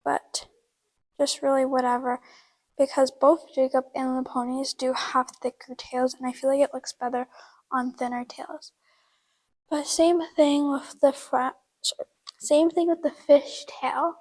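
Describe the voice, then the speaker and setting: A woman's voice: sits high, flat delivery, a little slow, a little mellow, rough recording. A woman hosting a horse-care video at a barn, explaining a braid in a chatty, casual way with lots of fillers while she works. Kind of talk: casual how-to demonstration.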